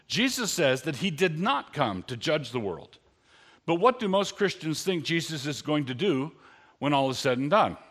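A man's voice: mid-range voice, a bit bright. A man preaching a sermon in an earnest, conversational way, lifting his voice on key lines.

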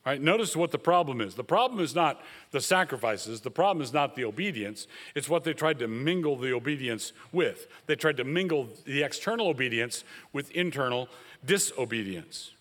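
A man's voice: mid-range voice, expressive, normal speed, a bit bright, in a large hall. A man preaching a sermon as a pastor, speaking emphatically and rising sharply when he quotes.

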